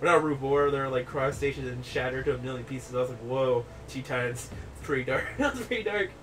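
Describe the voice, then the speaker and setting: A young man hosting a gaming video, chatting casually in an excitable, rambling way with plenty of swearing. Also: medium pitch, racing. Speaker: gaming channel host. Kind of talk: casual chat over gameplay. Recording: distant mic with clear background noise.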